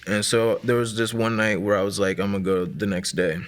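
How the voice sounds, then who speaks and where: A man's voice: lowish voice, little pitch movement, fairly quick. A man in his late twenties from Maryland, telling his personal testimony in a casual way, full of fillers and restarts. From Maryland, USA. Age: 20s. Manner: casual, filler-heavy storytelling with many likes and restarts. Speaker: guest sharing testimony.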